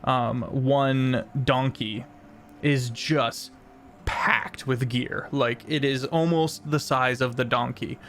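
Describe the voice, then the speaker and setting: A man's voice: medium pitch, steady tone, slow pace, fairly bright tone, a little hiss or hum. A man running a tabletop role-playing game as game master, narrating in a rambling way with many ums and uhs.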